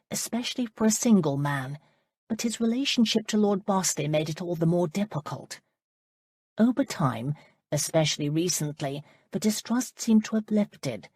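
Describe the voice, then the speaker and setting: A woman narrating a historical romance audiobook in a calm, measured way. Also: sits low, breathy edge, dry recording, studio quality.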